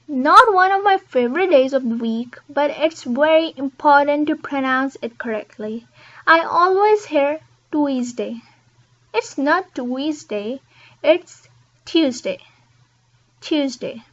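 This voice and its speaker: A woman's voice: high-pitched, fairly bright tone, lo-fi sound. A woman teaching English pronunciation, saying each word twice with careful emphasis. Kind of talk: pronunciation lesson.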